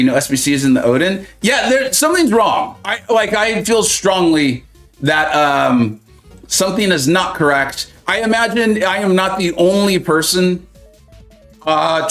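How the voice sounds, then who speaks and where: A man's voice: high voice, fairly bright tone. A man hosting a live mobile-game stream, chatting and joking with viewers, reading their comments aloud and laughing often.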